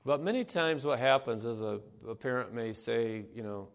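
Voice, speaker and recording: An older man giving a conversational sermon, pausing often and clearing his throat between thoughts. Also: medium pitch. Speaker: preacher. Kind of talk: sermon with anecdotes.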